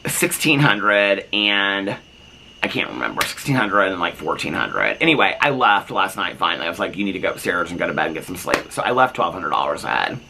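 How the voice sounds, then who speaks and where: Animated chatty man vlogging. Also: low voice, a little fast, creaky, noisy background. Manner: animated, chatty, lots of fillers and asides. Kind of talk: casual storytelling vlog. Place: front porch, outdoors.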